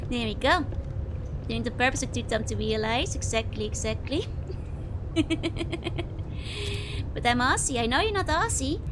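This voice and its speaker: A woman's voice: on the high side, big pitch swings, measured pace, pauses often, background noise. Giggly Dutch woman streaming a game. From Netherlands. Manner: giggly, laughs often between remarks. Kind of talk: casual let's-play chat, reading viewer comments.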